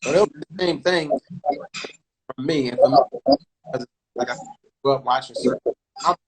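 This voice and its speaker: Halting man hosting a casual interview. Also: medium pitch, slightly rough, low-quality recording. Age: 40s. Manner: halting, many restarts and fillers. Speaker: interview host.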